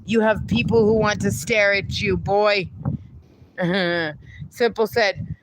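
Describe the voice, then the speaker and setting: A woman's voice: mid-range voice, steady tone, slow, noisy background. A woman hosting a casual livestream, reading viewer comments aloud, playful and laughing often. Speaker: livestream host reading chat.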